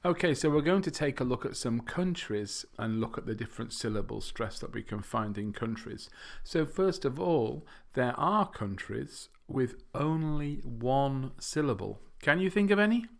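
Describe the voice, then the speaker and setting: A man hosting an English-learning podcast, walking through word stress slowly and deliberately, exaggerating syllables with playful little laughs. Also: medium pitch, expressive, vocal fry. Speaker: podcast host teaching English. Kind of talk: language lesson on word stress.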